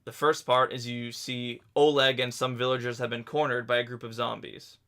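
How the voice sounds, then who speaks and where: A man narrating a tabletop game as game master, telling the scene in a halting, descriptive way. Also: medium pitch, little pitch movement, bright, forceful tone.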